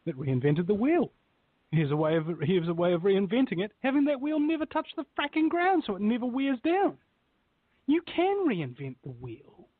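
A man speaking as a guest in a casual chat, motivational and animated, telling stories. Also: high voice, normal speed, slightly rough, no echo. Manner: motivational, animated storyteller who laughs at his own tales. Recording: tinny phone-like line.

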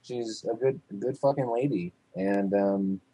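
A man's voice: on the low side, a little slow, dark tone, husky, no room sound, poor audio. A man in casual chat, rambling with lots of fillers and frequent swearing.

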